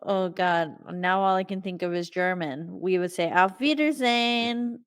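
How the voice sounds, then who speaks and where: A woman's voice: lowish voice, level tone, moderate pace, smooth, dry recording, clean studio sound. A woman co-hosting a podcast, chatting casually and playfully, often giggling. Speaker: podcast co-host. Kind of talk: casual podcast outro chat.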